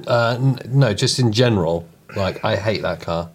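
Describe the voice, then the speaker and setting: Low-voiced man prompting the chat. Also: normal speed. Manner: short reactions and prompting questions. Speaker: podcast co-host. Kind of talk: casual banter.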